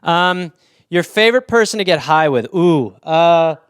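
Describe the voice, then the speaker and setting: A man's voice: a little high, lively intonation, unhurried, clean tone, no room sound. A man hosting a casual solo podcast, rambling through anecdotes with plenty of swearing. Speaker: podcast host.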